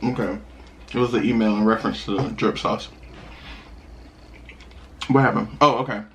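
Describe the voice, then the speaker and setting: A young man vlogging while eating, telling a personal story in a chatty, animated way with sudden high laughs. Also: moderate pace, creaky, slight background noise. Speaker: mukbang vlogger.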